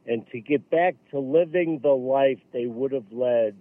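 A man speaking earnestly and haltingly as a guest in a radio interview, often restarting his phrases. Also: medium pitch, no echo. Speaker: radio guest, veterans golf program leader. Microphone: phone. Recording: tinny phone line.

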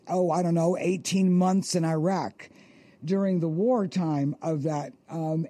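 A middle-aged woman hosting a radio interview, speaking in a thoughtful, hesitant, gentle way. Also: mid-range voice, dry recording. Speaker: radio host.

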